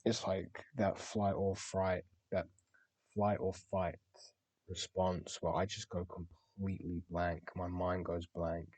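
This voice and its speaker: A young man with a very deep, level voice speaks candidly in a personal, diary-like monologue. He pauses on words and restarts as he reflects. The recording is dry and close, with no room sound. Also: flat delivery, a little mellow, no echo. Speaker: podcast host.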